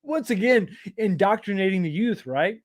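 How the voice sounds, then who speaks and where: Chatty man, slightly high voice. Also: lively intonation, moderate pace, no room sound, clean studio sound. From East Texas, USA. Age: 40s or 50s. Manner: rambling, self-deprecating, chuckling asides. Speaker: live stream host. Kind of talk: casual live chat reading comments.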